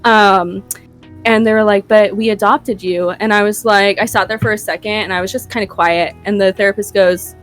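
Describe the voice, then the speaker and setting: Young woman host, casual storyteller, swears freely, laughs a lot, mid pitch. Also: steady tone, fairly bright tone, soft background music. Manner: profane, laughing, quick asides. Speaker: podcast host.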